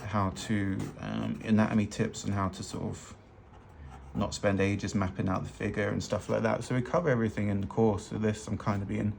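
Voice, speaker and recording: A lowish, slightly mellow voice with vocal fry, level in tone and a little fast, belongs to a man teaching fashion illustration while he draws. His casual tutorial narration is loose, chatty and self-deprecating. The hands-only overhead camera audio has a little hiss or hum.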